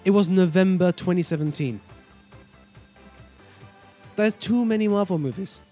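A man's voice: sits high, measured pace, dark tone, faint music behind. A man co-hosting a casual podcast chat, blunt and sarcastic, swearing freely. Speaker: podcast co-host.

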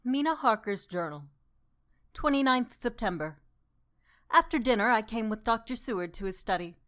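A woman reading a classic novel aloud as narrator in a calm, measured way. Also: on the high side. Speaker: audiobook narrator. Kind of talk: scripted literary narration.

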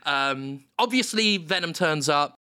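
A young man rambling through a deadpan comedic story in casual chat. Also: on the high side, measured pace, clear, resonant tone.

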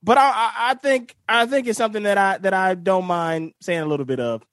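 A man in casual chat, excitable, stumbling over repeated words and joking in big exaggerations. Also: sits high, a little fast, no echo. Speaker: guest commentator.

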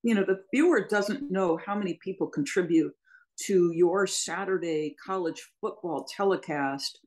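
A woman's voice: on the low side, moderate pace, low-quality recording. A woman sports broadcaster telling a travel story in casual podcast chat, emphatic and laughing often. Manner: storytelling, warm laughs between lines, emphatic.

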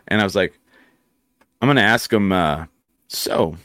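A middle-aged man hosting a casual talk show, telling animated anecdotes and swearing freely. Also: lowish voice, moderate pace, no room sound, studio quality. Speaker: podcast host. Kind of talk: casual chat, storytelling.

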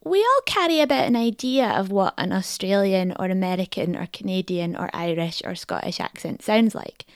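Lively, gravelly woman host narrating. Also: mid-range voice, moderate pace, few pauses, no room sound, studio quality. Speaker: podcast host. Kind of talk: scripted narration.

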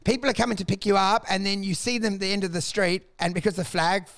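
An Australian man chatting on a podcast, his voice sitting high with a gravelly edge. He tells stories in an animated, profane way, slipping into shouted mock arguments. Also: fast talker. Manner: animated, swearing, acts out rants. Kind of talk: casual podcast chat.

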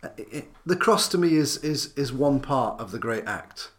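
A man's voice: mid-range voice, lively intonation, moderate pace. A man speaking as a minister and interview guest, earnest and thoughtful, often restarting phrases as he thinks. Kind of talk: reflective podcast interview.

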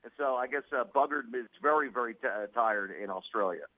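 A male sports broadcaster, a guest on a radio show, chatting quickly over the phone with many fillers and laughs. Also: medium pitch. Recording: tinny phone line.

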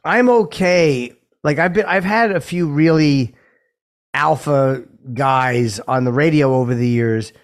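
A man's voice: fairly high pitch, a little slow. A man co-hosting a podcast in casual chat, easygoing and a little hesitant, with many fillers. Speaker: podcast co-host.

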